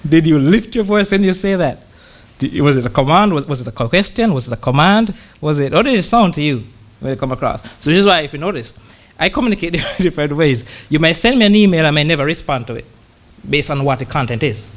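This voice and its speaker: A man preaching to his congregation in an easy conversational way, with a somewhat high voice. He pauses often and repeats words as he gathers his thoughts, then slows right down to read scripture. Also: expressive. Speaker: church brother preaching. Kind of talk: conversational sermon.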